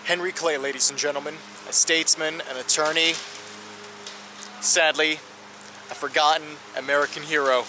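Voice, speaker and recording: A man's voice: on the high side, fairly even intonation, normal speed, long pauses, music in the background. A man narrating a travel vlog around a city, explaining with touches of dry humor. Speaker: travel vlogger. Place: outdoors in a city. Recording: noisy outdoor street recording.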